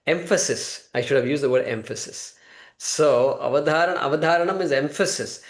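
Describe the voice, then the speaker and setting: Male scripture teacher, gravelly voice, patient and repetitive explanations. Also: mid-range voice, unhurried. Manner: patient, repeats key points.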